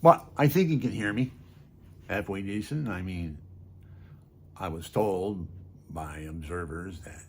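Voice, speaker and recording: An older man rambling off the cuff, talking low and softly and chuckling often. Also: measured pace, pauses often, slightly rough. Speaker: vlogger and hobby guitarist.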